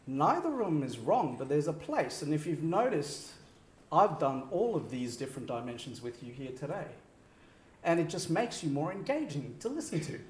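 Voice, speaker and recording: Before a live audience in a large, echoey venue, a man gives an animated keynote at normal speed. He varies his pitch and pace for effect and laughs often.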